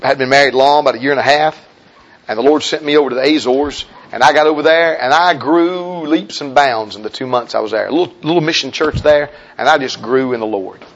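A male preacher telling a personal story in a sermon, swinging between hushed confiding tones and loud urgent appeals. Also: mid-range voice, a little fast. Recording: dull lo-fi recording.

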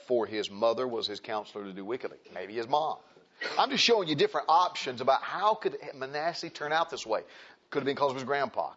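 Male preacher, mid-pitched voice, conversational sermon, repeats himself, slightly muffled recording. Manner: conversational, repeats phrases for emphasis. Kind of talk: sermon with scripture reading.

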